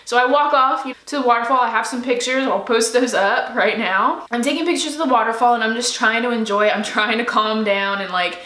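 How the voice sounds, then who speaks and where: A young woman vlogger tells a personal story straight to camera in a chatty, animated way. Her voice sits a little high and sounds bright. The room adds a noticeable echo. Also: fairly quick, hardly any pauses. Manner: excited, chatty, animated retelling.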